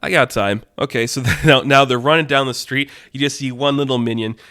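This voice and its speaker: A young man hosting a podcast, narrating a made-up fight story in a rambling, animated way and laughing at his own jokes. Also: medium pitch, quick pace, clean tone, no room sound, clean studio sound. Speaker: podcast host.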